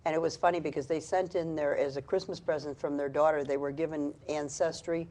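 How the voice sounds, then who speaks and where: A woman's voice: low-pitched, fairly even intonation, a little fast, warm tone. A woman in casual chat, telling an anecdote in a chatty way.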